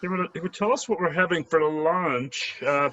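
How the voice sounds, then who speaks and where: A man putting on the voice of a prim old male school principal reading slow, drawling announcements over a video call. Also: fairly high pitch, bright, forceful tone, muffled recording, voice pushed up. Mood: fussy.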